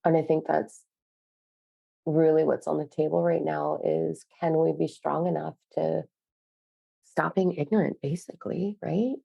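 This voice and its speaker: Low gravelly woman channeler. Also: fairly even intonation, warm tone, no echo, highs cut off. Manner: slow, pausing delivery when channeling; frequent filler "like" in chat. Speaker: spiritual channeler. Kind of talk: channeled message and casual chat.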